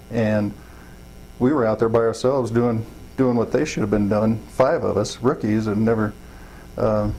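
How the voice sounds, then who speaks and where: Speaking as an interviewee, a middle-aged wildland fire chief rambles through folksy stories full of fillers and acted-out quotes in a casual storytelling interview. His pitch is fairly low and his tone darkish. The recording is low quality, with a little hiss or hum.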